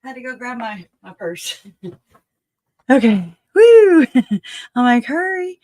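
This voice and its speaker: Woman, livestream host, slow, out of breath, laughs often, dry sound. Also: on the high side, a little mellow, dry recording. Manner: chatty, laughs often, trails off and restarts. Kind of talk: casual livestream commentary.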